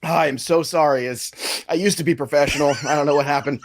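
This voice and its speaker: A man's voice: fairly high pitch, steady tone, brisk. A man hosting a podcast in a casual, joking way, prone to laughing fits. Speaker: podcast host.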